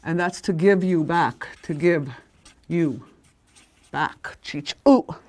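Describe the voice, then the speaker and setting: A woman's voice: low-pitched, slow, darkish tone. A woman teaching a language lesson, patiently sounding out words and repeating them, with small apologies for slips.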